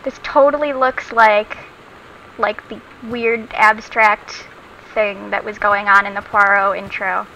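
A woman's voice: mid-range voice, flat delivery, slow pace, vocal fry, sharp tone, muffled recording, a little hiss or hum. A young adult woman casually commenting as she plays a game, chatty and giggly, reading notes aloud as she finds them. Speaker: let's play host.

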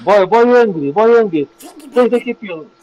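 A man on a video chat speaking broken English, calmly mocking and repeating the same lines. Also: high voice, fairly quick. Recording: dull lo-fi sound.

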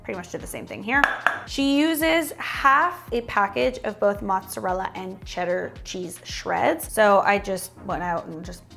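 A woman's voice: mid-range voice, a little slow, vocal fry, loud music behind the voice. A young woman chatting casually through a cooking demonstration in a home kitchen, with joking asides as she goes. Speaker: cooking vlogger.

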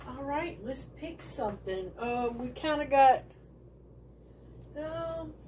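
A woman's voice: high-pitched, lively intonation, slow, dark tone, a little hiss or hum. A woman talking casually to her viewers while she makes resin crafts, thinking aloud and rambling as she works.

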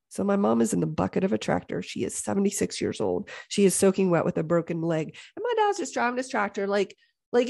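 On her podcast, a middle-aged woman spins a story casually and animatedly, joking through her exasperation. She has a mid-range voice and often takes on the voices of the people she's describing.

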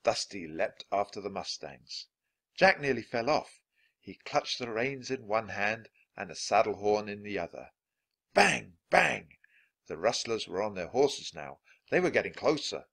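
A man reading a children's chapter book aloud, clear and deliberate for learners of English. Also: fairly low pitch, expressive, a bit bright. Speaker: storybook reader.

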